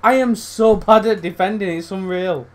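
A young man commentating his own football video game, swearing, swinging between loud outbursts and low muttering. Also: normal speed. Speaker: gaming YouTuber. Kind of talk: live gameplay commentary.

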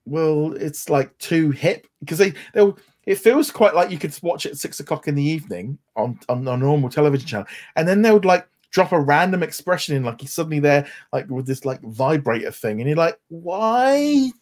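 A man's voice: fairly high pitch, animated, fast, hardly any pauses, a little mellow. A man from England co-hosting a podcast, talking casually in a rambling way with many restarts. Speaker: podcast co-host. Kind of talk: casual chat.

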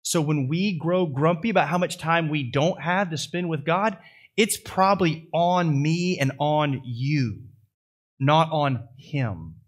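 A male pastor preaching a sermon with folksy asides, building to loud, high-pitched swells at the climaxes. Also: takes it slowly, breathy edge.

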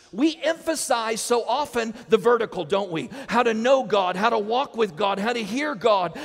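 High-voiced man preaching in a hall. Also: vocal fry. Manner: calls the congregation to repeat lines. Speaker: pastor. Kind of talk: sermon. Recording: long hall reverb.

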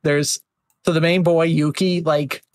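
A man hosts a casual podcast conversation in a slightly raised voice. He rambles in a relaxed way with many fillers and drops into quick mocking voices. The sound is dry and close, with no room to it. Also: on the high side, no room sound. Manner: chatty, filler-heavy, slips into mocking voices. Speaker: podcast host. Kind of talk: casual chat.

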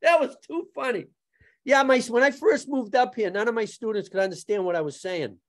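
A man's voice: extremely high pitch, brisk. A man who is a martial arts instructor and guest on a podcast, telling joking stories in casual chat and struggling to pronounce his R sounds. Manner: joking, anecdotal.

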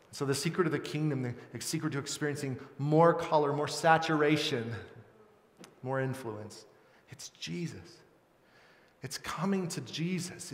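A middle-aged man preaching a sermon as pastor, earnest and conversational, acting out lively quoted voices. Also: mid-range voice. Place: large church hall. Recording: roomy church hall with long reverb.

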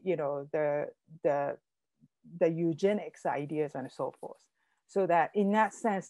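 A woman's voice: fairly low pitch, no room sound. Earnest woman. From Japan. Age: middle-aged. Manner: earnest, animated, laughs often. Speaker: guest scholar. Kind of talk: webinar discussion.

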